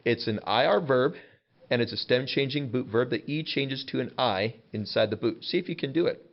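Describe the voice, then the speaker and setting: A man's voice: medium pitch, expressive, normal speed, vocal fry, lo-fi sound. A man teaching a vocabulary lesson to young students, patient and casual, repeating each word and explaining it plainly. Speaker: Spanish teacher.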